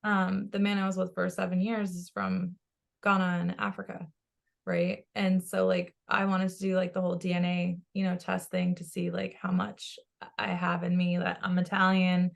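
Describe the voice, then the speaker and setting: Excitable woman with a gravelly voice. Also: lowish voice, moderate pace. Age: adult with a child. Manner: excitable, laughs often, relays a spirit's words. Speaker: psychic medium. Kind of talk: casual chat.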